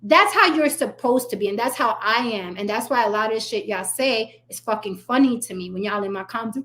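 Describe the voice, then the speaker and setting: A woman's voice: fairly high pitch, brisk, fairly bright tone, a little hiss or hum. A woman hosting her own commentary channel, ranting bluntly and sarcastically, swearing freely and talking straight to her viewers.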